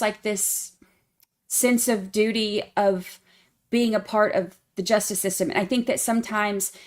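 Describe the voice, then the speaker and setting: A woman's voice: medium pitch, darkish tone. A woman hosting a casual true crime livestream, greeting members by name in a singsong tone and rambling with fillers and restarts.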